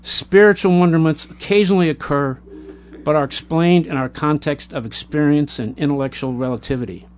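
A man reading a war memoir aloud in a measured, plain way, now and then stumbling and correcting himself. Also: a little high, darkish tone. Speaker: narrator.

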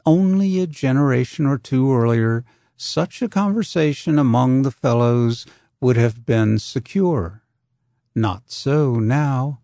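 A man narrating an audiobook in a measured, deliberate way. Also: mid-range voice, mellow, no room sound, studio quality.

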